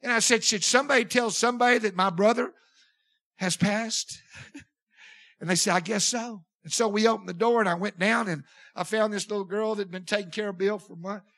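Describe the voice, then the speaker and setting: A man's voice: sits high, a bit bright. An older man preaching, telling a personal story in a folksy, emotional way with frequent restarts. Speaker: pastor. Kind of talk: sermon storytelling.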